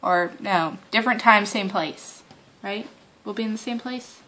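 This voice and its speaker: A woman's voice: mid-range voice, a little slow, bright, forceful tone. A woman and mother chatting casually to her camera in a rambling, self-mocking daily vlog, talking to a camera set down a short distance away. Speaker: vlogger and mother.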